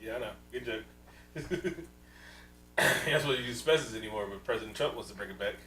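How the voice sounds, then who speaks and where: A man co-hosting a podcast, casually recapping a movie, loud, swearing freely and acting out scenes, laughing often. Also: on the low side, fast, roomy sound, distant mic, a little hiss or hum, low-quality recording. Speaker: podcast co-host.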